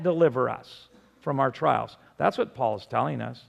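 An older man preaching a sermon as pastor, emphatic, swinging between loud declarations and soft appeals. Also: a little high, animated, normal speed, gravelly, big-room sound.

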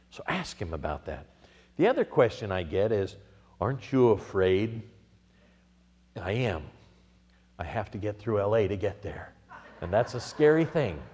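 A man's voice: on the low side, darkish tone, in a large hall. A middle-aged American man preaching a sermon, telling stories and acting out quotes, rising to emphatic peaks. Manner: storytelling with acted-out quotes, building to emphatic peaks. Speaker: pastor.

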